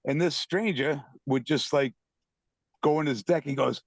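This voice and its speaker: A man's voice: fairly high pitch, steady tone, normal speed, dry recording. A man from the Boston area, a band member and guest, telling stories casually and loosely over a video call. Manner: loose, repeats himself while telling stories. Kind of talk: casual storytelling.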